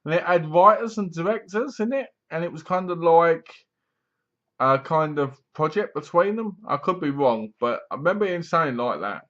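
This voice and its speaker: A man's voice: on the high side, animated, moderate pace, fairly bright tone. A man giving a casual, rambling film review from home, retelling scenes with acted-out lines and bursts of laughter. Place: home room, seated in a squeaky chair. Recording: dull lo-fi home recording.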